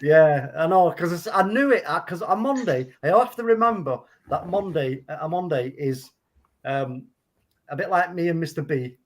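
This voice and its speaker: A man's voice: a little high, lively intonation, normal speed. A man co-hosting a casual chat, laughing often and joking in slang. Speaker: co-host.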